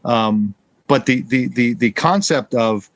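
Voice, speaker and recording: A man's voice: medium pitch, slow, no room sound. A man hosts a podcast, agreeing readily and chatting with plenty of fillers. His voice is recorded close and dry, with no room sound. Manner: affirming, frequent agreement, filler-heavy. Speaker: podcast host. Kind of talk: casual interview chat.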